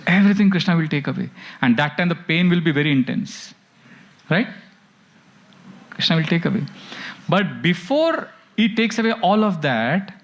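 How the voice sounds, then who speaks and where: A man teaching a devotional class, telling stories with animation and chanting verses. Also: high-pitched. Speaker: spiritual teacher.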